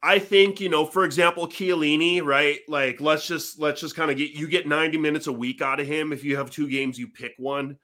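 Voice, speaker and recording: A man's voice: fairly high pitch, steady tone, fairly quick, few pauses, sharp tone. A man co-hosting a casual sports podcast, rambling through his points with lots of "you know". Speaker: podcast co-host.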